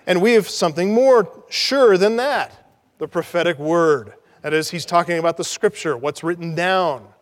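High-voiced emphatic male preacher. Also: moderate pace, long reverb tail. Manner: emphatic, repeats key words for stress. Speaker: pastor. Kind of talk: sermon.

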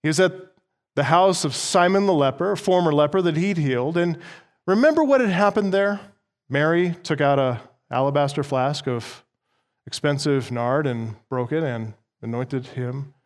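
A man preaching a sermon as pastor, slowing down to stress key words as he explains a text. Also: on the high side.

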